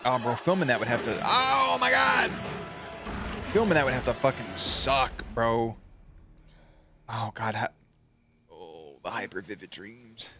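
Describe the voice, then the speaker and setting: A man reacts to a show with loose, slangy talk that is full of swearing. His voice sits at an ordinary middle pitch. Faint music from the episode plays behind him. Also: unhurried, long pauses. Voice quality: profane, slangy, animated. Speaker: reaction video host. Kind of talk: casual reaction commentary.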